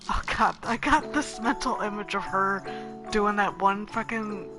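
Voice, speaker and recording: A woman's voice: medium pitch, a little slow. A woman streamer giving casual, playful gameplay commentary with giggly asides. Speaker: let's play streamer. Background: game music.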